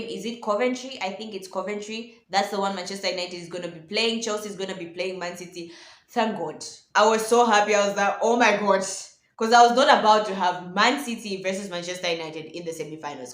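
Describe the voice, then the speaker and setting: A woman hosting a casual football reaction vlog, talking excitably and addressing her viewers as ladies and gentlemen. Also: mid-range voice, fast talker. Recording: echoey room.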